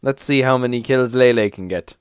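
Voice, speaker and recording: Young male gaming creator, casual play-by-play, medium pitch, dry close sound. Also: brisk, clean tone, no room sound. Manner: animated, swearing, self-mocking. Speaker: gaming YouTuber. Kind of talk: live game commentary.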